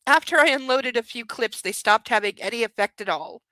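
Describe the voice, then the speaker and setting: A woman's voice: on the high side, a little fast, sharp tone, no room sound, low-quality recording. A young woman hosting a book club, reading a novel aloud with sarcastic, mocking asides. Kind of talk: comedic book reading with commentary.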